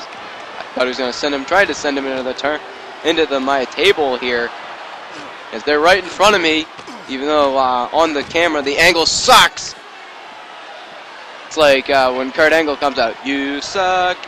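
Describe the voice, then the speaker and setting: Excitable amateur wrestling commentator, man. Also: on the high side, a little hiss or hum, rough recording. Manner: rambling, jumps to asides and self-corrections. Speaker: play-by-play commentator.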